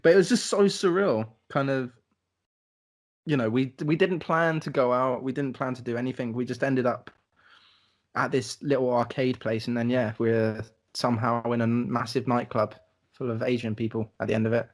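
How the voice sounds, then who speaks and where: A young man with a medium-pitched voice and fairly even intonation talks at a moderate pace, co-hosting a podcast. He's telling a travel story in casual chat, rambling, laughing, swearing, and using lots of fillers.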